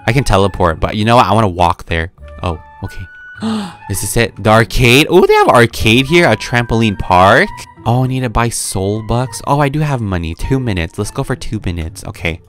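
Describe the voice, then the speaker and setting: A man's voice: lowish voice, sing-song, normal speed, a bit bright, soft background music. A man hosting a gameplay video, chatting casually and playfully, with frequent gasps and laughs. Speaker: gaming video host.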